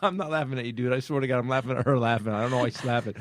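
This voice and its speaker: A man hosting a comedy podcast, bantering in an incredulous way and laughing often. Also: racing. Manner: incredulous, laughing, with wide swings in pitch. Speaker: podcast host.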